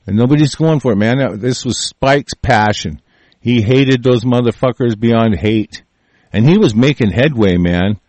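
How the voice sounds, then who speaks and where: A man's voice: medium pitch, a little mellow, no room sound. A man rants into the mic in a furious, profane tirade, swearing at every turn and tripping over his own words. The sound is completely dry, with no room behind it. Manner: angry, crude, swearing constantly, repeats and restarts. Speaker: show host. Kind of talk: profane political rant.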